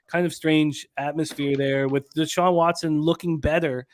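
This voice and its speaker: Male host of a sports betting show, slightly raised pitch, brisk delivery. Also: fairly even intonation. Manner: brisk, reads out picks and chat comments. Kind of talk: sports betting radio talk.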